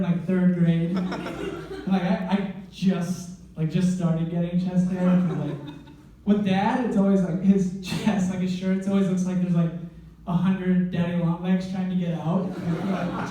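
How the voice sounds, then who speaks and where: Hesitant high-voiced stand-up man from Wisconsin. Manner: hesitant, self-deprecating, full of fillers. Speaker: stand-up comedian. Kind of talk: stand-up set. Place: comedy club stage. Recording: very echoey room, mic from far off.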